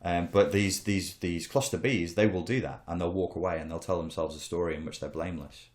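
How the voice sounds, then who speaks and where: Guy with a low voice talking bluntly on a podcast, roomy echo, swears a bit. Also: a little fast. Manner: candid, swears, acts out quoted voices. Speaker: podcast host, coach on narcissistic abuse. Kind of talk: casual podcast conversation.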